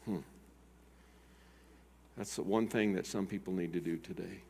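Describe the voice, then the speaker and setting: An older man preaching a sermon as pastor, swinging between loud urgent appeals and quiet, slow emphasis. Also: sits low, steady tone, gravelly. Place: church sanctuary. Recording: long hall reverb.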